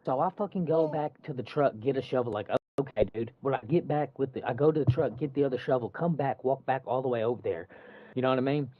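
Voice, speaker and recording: Man, casual storyteller, profane and animated, dull dry recording. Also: mid-range voice, quick pace, no room sound. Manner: profane, animated retelling with quoted dialogue. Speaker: construction worker telling a story.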